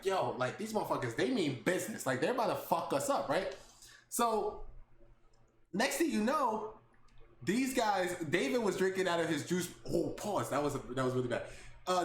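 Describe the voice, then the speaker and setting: Animated high-voiced young man storyteller. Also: moderate pace. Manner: animated, laughing, swears freely. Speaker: podcast host. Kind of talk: casual storytelling chat. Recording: echoey room with faint background noise.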